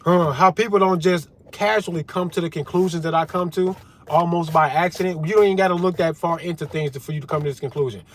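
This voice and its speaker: A man with a slightly high voice rants at his viewers, heated and full of swearing. He talks straight to the camera in a loose, worked-up commentary that swings between shouting and muttering. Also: no room sound. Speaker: political commentary vlogger. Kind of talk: profane ranting commentary.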